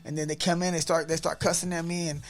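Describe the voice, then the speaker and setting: A man as a podcast guest telling a story in an animated, excitable way, often repeating his words. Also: fairly high pitch, quick pace.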